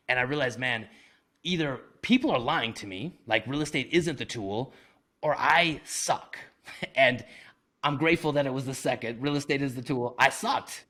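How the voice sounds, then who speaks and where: A man telling a personal story as a podcast guest, animated and self-deprecating, with casual slang like "man" and "dude.". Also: mid-range voice. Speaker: guest, real estate investor. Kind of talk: conversational storytelling.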